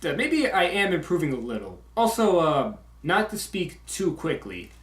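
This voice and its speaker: A young man giving a casual video update, halting with many fillers and sharp S sounds. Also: on the high side, huge pitch swings. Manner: strong S sounds. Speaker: YouTube video maker. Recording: echoey room.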